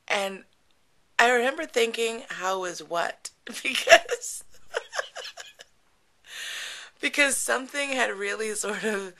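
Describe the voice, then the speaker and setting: A woman's voice: fairly low pitch, sharp tone. A woman telling a frank personal story in a casual, chatty way, laughing often and full of fillers. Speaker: podcast storyteller.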